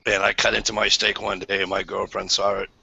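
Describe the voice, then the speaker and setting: A man's voice: lowish voice, level tone, a little fast, creaky, sharp tone, slightly rough, dry recording, muffled recording. A man telling crude, blunt anecdotes in a casual group chat. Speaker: panelist.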